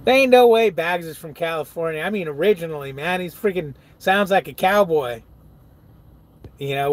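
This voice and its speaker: Chatty, slightly high-voiced man. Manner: loose and chatty, swears freely, laughs often; reads viewer comments aloud and answers them. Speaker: truck driver streaming live. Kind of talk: casual live-stream chat reading.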